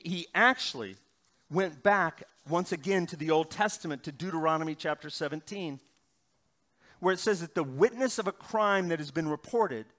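A middle-aged male pastor preaching a sermon, swinging between loud emphatic bursts and quiet, slow passages. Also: sits high.

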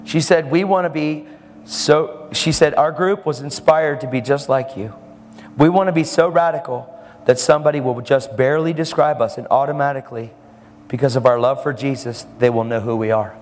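A man's voice: mid-range voice, moderate pace, in a large hall, a little hiss or hum. A man preaching a sermon, telling a story and acting out the lines of the people in it.

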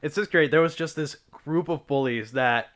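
A man's voice: on the high side, normal speed, a bit bright. A young man in casual chat, telling a rambling, profane story from his school days.

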